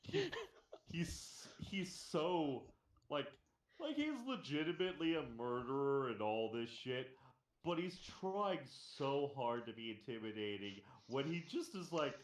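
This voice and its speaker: A male stream host with a mid-pitched voice, ranting sarcastically and with emphasis in casual, profane banter. His voice echoes noticeably off the room. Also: big pitch swings, measured pace, a little hiss or hum.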